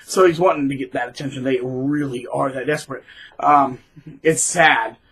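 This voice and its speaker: Bright, husky man rambling on. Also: mid-range voice, normal speed, low-quality recording. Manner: rambling, animated, restarts and laughs. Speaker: middle school teacher, vlogger. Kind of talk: casual monologue to camera.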